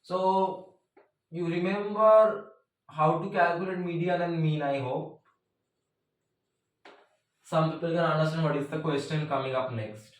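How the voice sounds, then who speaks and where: A man's voice: a little high, fairly even intonation, unhurried, pauses often. A man teaching a math lesson in a chatty way, joking aside and using "means" as a filler. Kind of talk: casual math tutorial. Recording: very echoey room, mic at a distance.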